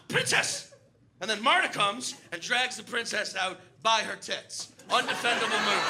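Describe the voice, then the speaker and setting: High-voiced profane stand-up comic. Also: male voice, vocal fry, heavy background noise. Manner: profane, animated, acts out characters. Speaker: stand-up comedian. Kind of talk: stand-up comedy set. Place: comedy club stage.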